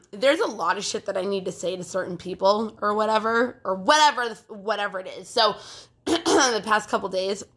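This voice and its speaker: A young woman talks casually into her phone, meandering through fillers and restarts. Her throat sounds phlegmy and she clears it often. The tone is bright and forward. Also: mid-range voice, expressive, normal speed. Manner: rambling, filler-heavy, frequent throat clearing. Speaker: vlogger. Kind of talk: casual chat to camera.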